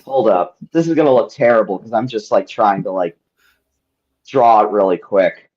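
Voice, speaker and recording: A man's voice: lowish voice, normal speed, dull audio. A man narrating as game master in a tabletop game, rambling with lots of ums and likes.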